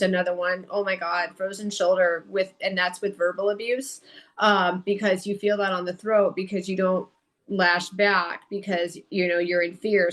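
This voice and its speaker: A woman who is a guest on a spiritual podcast. She explains things frankly and casually in a mid-range voice, with the odd curse. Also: medium pitch. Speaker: podcast guest, medical medium.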